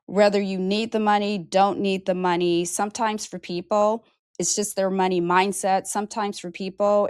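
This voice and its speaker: Salon owner lady in her 50s, chatty and animated, doing little voices for her client, dry recording. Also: clean tone, dry recording. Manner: expressive, acts out quoted people with high animated voices. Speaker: hairdresser and salon owner hosting a show. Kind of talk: candid personal storytelling.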